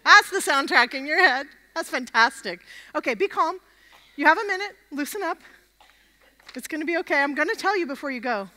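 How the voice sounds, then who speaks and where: A woman with a high, bright, forceful voice preaches an interactive camp meeting sermon. She energetically drills the crowd through chants, and her voice rings with the long reverb of a large hall. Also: expressive, fairly quick. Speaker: guest preacher.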